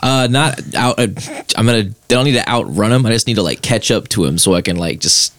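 A man's voice: on the low side, quick pace, no room sound. A man playing a tabletop game, casual and joking. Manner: joking, animated. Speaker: player.

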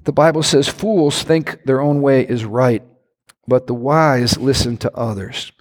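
A man preaching a sermon as a pastor, animated, with sudden shouts and playful impressions. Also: mid-range voice, unhurried. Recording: long church hall reverb.

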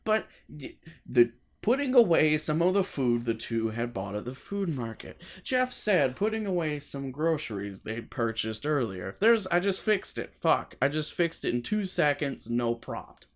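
A male podcast co-host with a lively, swooping voice, cursing freely in casual banter. He moves between reading a book aloud and joking with his co-host. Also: a little high, unhurried. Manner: animated, swears freely, jokey.

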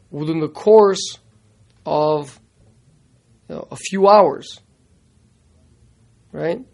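Torah teacher, man, gravelly and slightly high voice, halting delivery with Hebrew phrases. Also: a little mellow. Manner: halting, repeats words, mixes in Hebrew terms. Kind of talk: classroom Torah lesson.

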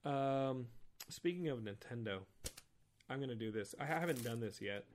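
A man hosting a podcast alone, rambling in an excited, nostalgic, self-mocking way. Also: mid-range voice, normal speed. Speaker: podcast host. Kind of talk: casual solo podcast talk.

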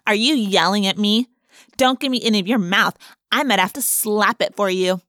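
A woman voicing a loud, tough teenage schoolgirl who acts outraged. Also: mid-range voice, normal speed, dry recording, studio quality, natural voice. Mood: indignant.

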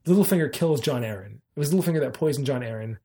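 A man co-hosting a podcast in casual chat, retelling scenes in an animated way with quick asides. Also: medium pitch. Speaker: podcast co-host.

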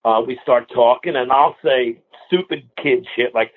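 In a storytelling interview, a sixty-something guest musician from around New York recounts lengthy anecdotes, lively and acting out the lines of the people involved. He talks at a normal speed and medium pitch, and the sound is narrow like a phone line.

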